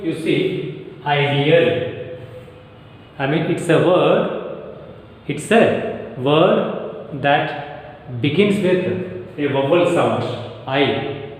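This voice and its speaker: A man teaching an English lesson, talking slowly and repeating key phrases as he explains. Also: a little high, a little mellow. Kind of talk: recorded class lecture. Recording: very echoey room, long reverb.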